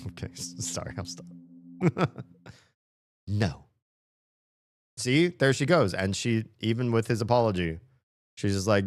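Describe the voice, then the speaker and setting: A man with a low, deep voice gives loose, playful commentary while he streams a story game. He rambles and jokes with his viewers. The sound is dry and close, with no room echo. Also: expressive, measured pace, long pauses. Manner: playful, chatty, laughs often.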